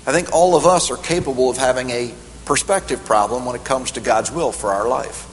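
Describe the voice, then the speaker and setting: A middle-aged man preaching a sermon in a church hall, emphatic and animated, climbing higher on the key points. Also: fairly quick. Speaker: pastor. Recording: echoey hall with faint hum.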